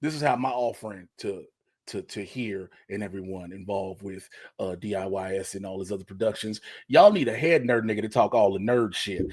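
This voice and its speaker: A man with a husky voice in casual comedic podcast banter, animated and jumping into loud joke voices. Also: lowish voice, fairly quick.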